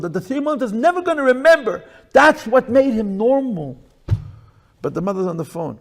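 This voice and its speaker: A man speaking as a rabbi, lecturing to listeners in a room, emphatic and repetitive, swinging between loud bursts and hushed lines. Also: high-pitched, sing-song, a little fast. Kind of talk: lecture to a live audience.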